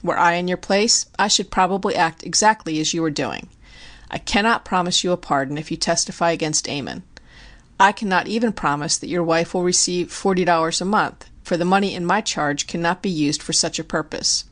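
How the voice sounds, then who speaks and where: Woman narrator as a formal, grave district attorney, slightly low voice. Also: brisk, a bit bright, close to an everyday voice. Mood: earnest. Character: stern but moved male district attorney.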